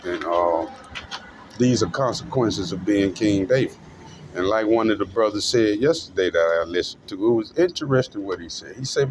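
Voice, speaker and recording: A man delivering a profane ranting monologue, his voice jumping between low mutters and sudden high outbursts, with a faint hum of traffic behind. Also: lively intonation, normal speed. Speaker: self-styled preacher vlogger.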